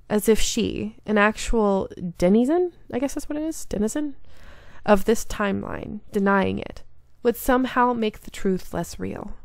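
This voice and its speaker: A woman reading a story game aloud in an earnest, invested way. Her mid-range voice has a gravelly fry to it. The sound is dry and close. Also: mid-range voice, a little mellow, no room sound. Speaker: game streamer.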